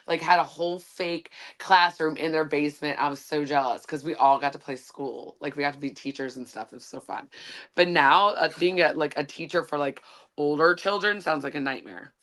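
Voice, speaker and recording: A woman with a fairly low voice, chatting in a loose online conversation. She is wry and joking, and drifts into long, rambling stories. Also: a bit bright. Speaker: guest co-host. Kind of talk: casual online chat.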